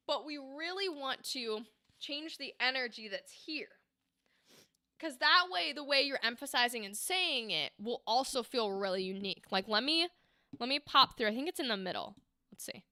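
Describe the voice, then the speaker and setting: Woman livestream host, voice acting feedback, bubbly, encouraging, high bright voice. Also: lively intonation, normal speed, no room sound, studio quality. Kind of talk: casual livestream critique.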